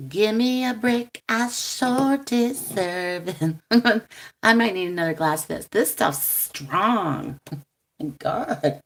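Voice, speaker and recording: A woman's voice: mid-range voice, lively intonation, takes it slowly. A woman, a tarot reader chatting casually on a live stream, rambling with ums and frequent laughs. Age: 40s. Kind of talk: casual rambling livestream chat.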